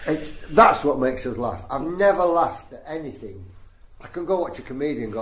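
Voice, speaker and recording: An older man, a comedian guest, telling stories in an animated, laughing way during an interview. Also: medium pitch, normal speed. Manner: animated storyteller, breaks into laughter. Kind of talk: anecdotal interview chat. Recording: echoey room, faint noise.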